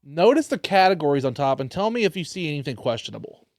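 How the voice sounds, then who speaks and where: A man's voice: a little high, quick pace, no echo, studio quality. Joking, foul-mouthed man hosting a podcast. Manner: joking, swears freely, animated rants. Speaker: podcast host. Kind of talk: casual comedy podcast chat.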